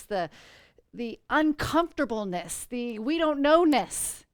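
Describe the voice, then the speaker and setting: A woman's voice: fairly high pitch, lively intonation, a little slow, clear, resonant tone, dry recording, studio quality. A woman hosting a podcast in an earnest, flowing spiritual chat, full of "you know" fillers. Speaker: podcast host.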